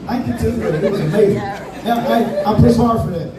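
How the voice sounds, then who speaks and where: A man's voice: high voice, fairly quick. A man doing a stand-up comedy set, telling a story with casual Southern US slang. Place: comedy club stage. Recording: echoey room from far off, crowd.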